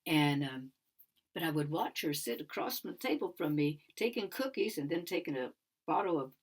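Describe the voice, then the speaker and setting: An older woman muses aloud at a conference about sound healing, her deep, husky voice animated and moving at a normal speed. She repeats phrases and now and then sinks into a whisper.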